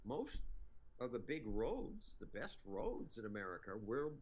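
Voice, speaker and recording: A man making measured, explanatory points as a libertarian guest in a debate. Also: mid-range voice, sing-song, breathy edge, muffled recording. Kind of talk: debate argument.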